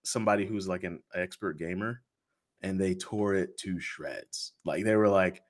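A podcast host tells a story in an easygoing, animated way, slipping into the voices of the people he quotes. His voice sits on the low side for a man. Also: normal speed. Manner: animated, acts out quoted dialogue with laughs. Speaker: podcast host being interviewed. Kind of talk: casual storytelling.

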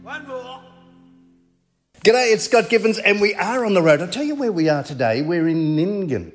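Effusive Australian man with a lively voice. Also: sits high, brisk, faint music behind. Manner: effusive and upbeat. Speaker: radio host. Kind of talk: casual on-location interview.

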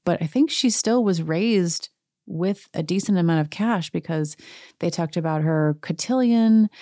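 A woman with a lowish, mellow voice chats casually through a recap, full of sarcastic asides. Her sound is close and dry, with no room around it. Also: no echo. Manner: sarcastic, chatty, quick to mock. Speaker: podcast host recapping a reality show. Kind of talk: casual chat.

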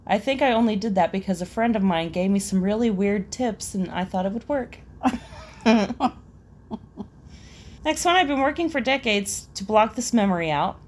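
A woman's voice: medium pitch, expressive, normal speed, pauses often, a little mellow. A young woman casually reading out embarrassing stories and laughing between them. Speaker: storyteller reading listener stories.

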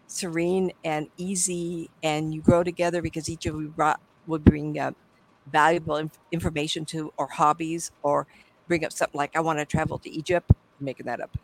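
A woman's voice: low-pitched, rough recording. A middle-aged woman, a psychic medium, telling stories as an interview guest, rambling and correcting herself as she goes. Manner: rambling, self-correcting, drifting between asides. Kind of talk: storytelling in an interview.

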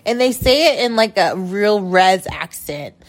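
A woman's voice: mid-range voice, animated, measured pace. A woman hosting a podcast, telling a story in a casual, profane, indignant rant, with lots of filler words. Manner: heavy use of filler "like". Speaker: podcast host.

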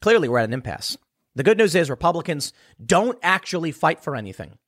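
A man's voice: fairly high pitch, very animated, a little fast, fairly bright tone. A man delivering a sarcastic political commentary monologue, emphatic and mocking his opponents.

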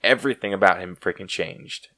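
A man hosting a casual podcast chat, excitable and full of "like" fillers. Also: sits low, brisk, no echo. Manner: excitable, heavy use of "like" fillers. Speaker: podcast host.

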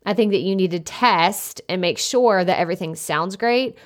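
Chatty loud-talking woman podcaster. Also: medium pitch, moderate pace. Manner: chatty, lots of "like" fillers, self-described loud. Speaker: podcast host. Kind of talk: casual solo podcast advice. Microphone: desktop USB microphone.

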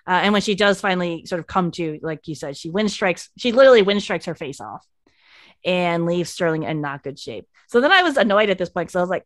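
Lively woman recapping a TV episode. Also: lowish voice, a little fast, no room sound, clean studio sound. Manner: animated, acts out characters' lines. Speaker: podcast host. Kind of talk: casual TV recap chat.

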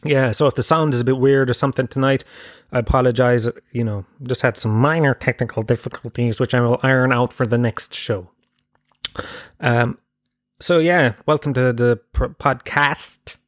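A man talks his way through a comic podcast monologue, rambling and self-mocking with plenty of swearing. His pitch sits in an ordinary middle range. The recording is close and dry, with no room sound around it. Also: steady tone, moderate pace, no echo. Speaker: podcast host. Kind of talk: comedic casual monologue.

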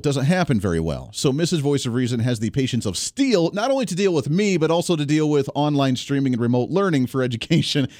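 A Kansas man in his thirties hosts a radio talk show, delivering an energetic monologue straight to listeners, chatty, upbeat and opinionated. His mid-range, darkish voice is recorded on a studio microphone with dry studio sound, no room echo, and faint music.

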